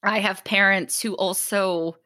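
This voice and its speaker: A woman hosting a podcast, chatting casually and telling animated stories, slipping into mocking voices. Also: medium pitch, a little slow, no echo, clean studio sound. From Italian immigrant family. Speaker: podcast host. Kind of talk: casual chat.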